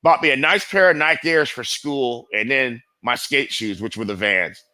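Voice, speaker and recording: A man's voice: medium pitch, normal speed, bright, forceful tone, dry recording. A middle-aged man telling stories as a guest in a casual interview, rambling and profane, full of fillers. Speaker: guest skateboarder.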